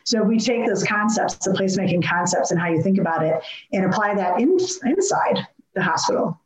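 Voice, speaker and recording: A woman's voice: medium pitch, lively intonation, brisk, echoey room, rough recording. A woman speaking earnestly and reflectively in an interview, explaining her design approach with frequent restarts. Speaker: healthcare architect guest. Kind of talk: conversational interview.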